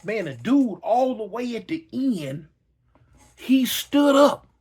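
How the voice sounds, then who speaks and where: Dude telling a crazy story, high voice swinging all over, yelling the sound effects. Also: male voice, big pitch swings, slow pace, breathy edge. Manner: dramatic, acts out yells and voices, slangy. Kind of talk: animated personal storytelling.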